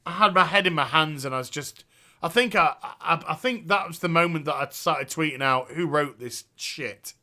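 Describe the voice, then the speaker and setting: A man's voice: fairly high pitch, fairly quick, bright, forceful tone. A man giving an exasperated, sarcastic and profane game review rant.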